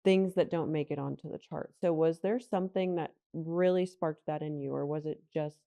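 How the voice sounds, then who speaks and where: A woman's voice: low-pitched, fairly even intonation, normal speed, mellow. A woman hosting a podcast, asking a guest rambling questions full of "like"s. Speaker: podcast host. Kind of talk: casual interview questions.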